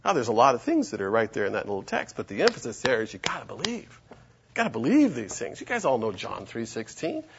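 A man preaching a sermon and reading scripture aloud, emphatic and animated. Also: medium pitch, fast, vocal fry, muffled recording, background noise.

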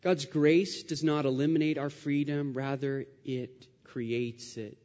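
A male pastor preaching a sermon, earnest and repetitive, building his phrases up to loud, emphatic rises. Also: a little high, steady tone, takes it slowly. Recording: dull sound with long hall reverb.

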